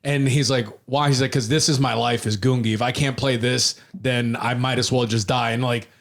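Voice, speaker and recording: A man's voice: mid-range voice, moderate pace, gravelly. A man appearing as a guest on a podcast, retelling a story in casual chat, quoting characters with many fillers. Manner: animated retelling, quotes characters, hesitant fillers.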